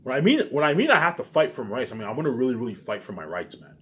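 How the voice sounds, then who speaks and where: This vlogger's mid-range voice is sing-song, bright, and forceful, racing along over slight background noise. His casual monologue for viewers rambles and repeats, sprinkled with frequent swearing.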